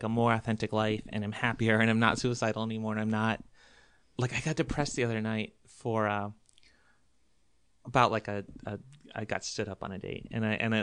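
Guest comic, mid pitch, rambly and self-deprecating, dry booth sound. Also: dry recording. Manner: rambling, self-deprecating, many fillers and restarts. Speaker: guest, comedian. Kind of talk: casual podcast conversation.

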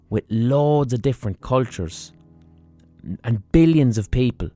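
Blunt, swearing podcaster. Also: male voice, medium pitch, dark tone, no echo. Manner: blunt, profane and ranting. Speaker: podcast host. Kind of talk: casual podcast monologue.

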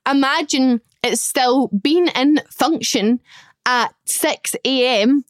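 Chatty young woman, smooth higher voice. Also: slow, no room sound, studio quality. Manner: chatty, gushing, swears casually. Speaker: podcast host. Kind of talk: casual solo storytelling.

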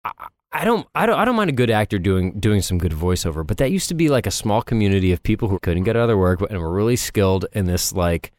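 A man's voice: fairly low pitch, big pitch swings, fast talker, hardly any pauses, a little mellow, no echo, studio quality. A man co-hosting a podcast, riffing with strong opinions in casual, comedic chat. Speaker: podcast co-host.

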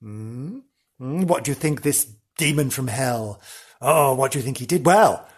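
A man's voice: mid-range voice, normal speed, breathy edge. A man hosting a podcast, telling a comic ghost story in a theatrical, hammy way with lots of repetition. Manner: theatrical, hammy, repeats for effect.

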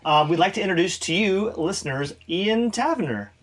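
American guy cohosting a podcast, kinda high voice, goofy and playful. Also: animated, brisk. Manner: playful and joking. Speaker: podcast co-host. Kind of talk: casual chat.

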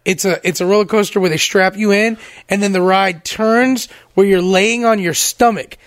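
A man's voice: sits high, fairly even intonation, normal speed, dry recording, clean studio sound. A man co-hosting a podcast, telling profane, self-mocking stories and speaking straight to the listeners. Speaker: podcast co-host. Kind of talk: crude casual storytelling.

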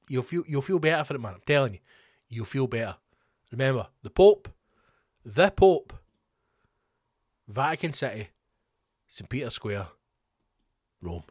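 A Scottish man hosts his own comedy podcast in a loose, rambling way, tossing in curses and jokey asides. His voice sits at an ordinary middle pitch for a man. The sound is close and dry, with no room echo around it. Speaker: podcast host.

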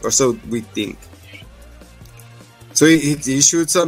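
A man hosting a casual podcast recap, laughing often and acting out scenes in quick voices. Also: on the high side, soft background music. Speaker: podcast host.

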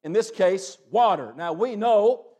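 A young man preaching a sermon, breaking into loud calls between plain teaching and quick asides. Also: sits high, expressive.

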